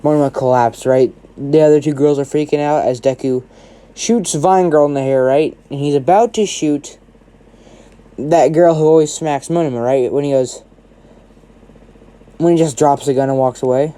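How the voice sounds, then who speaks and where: Dude rambling thru a made-up fan story, swears a lot, mellow voice. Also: male voice, a little high, fairly even intonation, moderate pace. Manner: rambling, swears a lot, keeps saying "right?". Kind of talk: casual improvised fan story narration.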